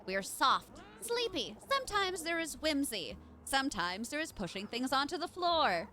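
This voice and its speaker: A woman voicing a lazy, pompous cat mayor who speaks in slow, lofty, drowsy proclamations. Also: high voice, sing-song, pushed and bright, slight background noise, exaggerated voice.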